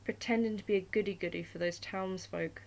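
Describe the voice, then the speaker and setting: A woman's voice: medium pitch, fairly even intonation, fairly quick, gravelly, lightly acted. A woman voicing a mischievous male trickster god in a storybook reading, with a playful, teasing delivery.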